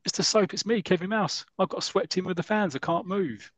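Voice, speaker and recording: Scared young footballer calling out urgently, a guy putting it on, high and strained. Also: brisk. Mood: pleading.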